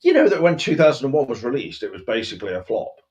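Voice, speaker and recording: A man co-hosting a podcast, chatting in a rambling, animated way. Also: medium pitch, fast. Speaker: podcast co-host. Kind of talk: casual chat.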